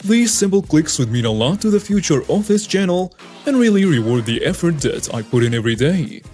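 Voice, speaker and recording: Higher-voiced man narrating stories. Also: very animated, brisk, a little mellow, soft background music. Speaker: story narrator. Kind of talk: scripted story narration.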